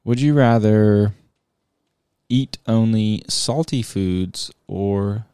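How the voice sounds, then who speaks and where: A man with a low, mellow voice co-hosts a podcast in loose, playful chat. He sounds tired and rambles a little. The sound is dry and close, with faint music underneath. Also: drawn-out words, smooth, dry recording. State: tired, yawning. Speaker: podcast co-host. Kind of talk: casual chat.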